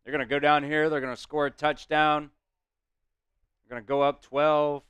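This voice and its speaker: A man's voice: fairly high pitch, level tone, normal speed, fairly bright tone, clean tone, no echo. A man hosting a live fan stream, giving blunt, frustrated play-by-play with some swearing.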